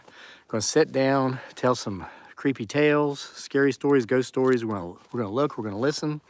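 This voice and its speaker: A man's voice: medium pitch, dry recording. Chatty man live-streaming outdoors at dusk. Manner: chatty, reads viewer comments aloud. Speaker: channel host on a live stream. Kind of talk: casual live-stream chat. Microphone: phone or camera on a tripod.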